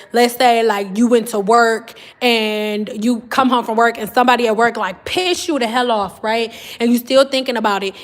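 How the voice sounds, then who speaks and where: A woman, chatting casually on a livestream and often saying "girl" and "y'all". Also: fairly high pitch. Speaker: livestream host.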